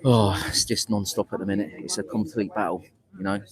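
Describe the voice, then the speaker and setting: A man's voice: on the low side, steady tone, a little fast, crowd noise. A man reporting live outdoors from a town centre, talking loosely with many restarts and fillers. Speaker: livestream reporter. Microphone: phone on a gimbal.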